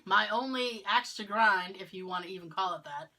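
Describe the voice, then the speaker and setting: A woman's voice: medium pitch, moderate pace. A woman from Massachusetts, co-hosting a podcast in casual chat, telling stories and acting out what other people said. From Massachusetts, near Cape Cod. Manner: animated storyteller, acts out what others said. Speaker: podcast co-host.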